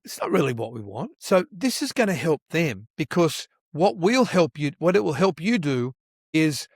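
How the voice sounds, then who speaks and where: A man with a fairly high-pitched voice speaks as a podcast guest, recorded dry and close with almost no room sound. He tells stories animatedly, slipping into acted-out dialogue and often restarting or repeating his words mid-sentence. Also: normal speed, no echo. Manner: animated storyteller who acts out quoted dialogue. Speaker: church leadership consultant, podcast guest. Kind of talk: conversational podcast interview.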